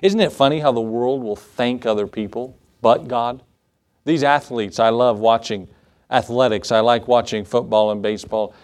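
A man's voice: medium pitch, moderate pace, darkish tone. A middle-aged male pastor preaching a sermon in a conversational, storytelling way, with fillers and asides.

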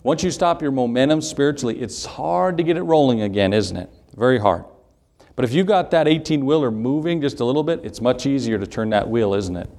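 A man's voice: medium pitch, lively intonation, fairly quick, darkish tone. A man preaching a sermon, reading scripture aloud and asking rhetorical questions with emphasis. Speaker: pastor.

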